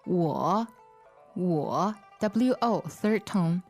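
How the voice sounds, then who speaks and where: A woman co-hosting a language lesson, with a slightly low voice. She speaks very slowly and patiently, repeating each phrase twice, while soft music plays behind. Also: animated. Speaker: language teacher.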